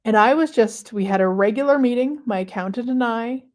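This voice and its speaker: A woman hosting a live stream, talking casually and reflectively to viewers with many pauses and fillers. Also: fairly high pitch, a little mellow. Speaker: host of a manifestation livestream.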